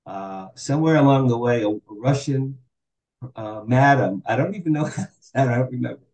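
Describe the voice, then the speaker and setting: A man's voice: mid-range voice, fairly quick, roomy sound, low-quality recording. A man in his sixties telling candid stories as a podcast guest, acting out the dialogue he quotes. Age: 60s. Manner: animated, acts out quoted dialogue. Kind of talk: candid storytelling interview.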